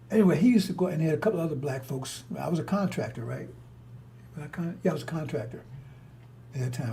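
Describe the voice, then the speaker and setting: A man's voice: mid-range voice, warm tone, a little hiss or hum. An older man telling stories in a rambling monologue, blunt and confrontational, with frequent restarts and cursing. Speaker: storyteller.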